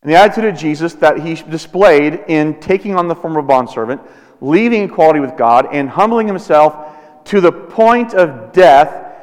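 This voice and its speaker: Pastor, thirties, deliberate sermon delivery with long pauses, big hall reverb. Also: male voice, fairly high pitch, expressive, a little mellow. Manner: slow, deliberate preaching with dramatic pauses.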